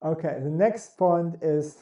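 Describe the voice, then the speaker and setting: Man, voice coach, very slow deliberate delivery, non-native English phrasing, roomy echo. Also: fairly high pitch, mellow. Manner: slow, deliberate, demonstrates sounds. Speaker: voice and speaking coach. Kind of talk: instructional talk on speaking.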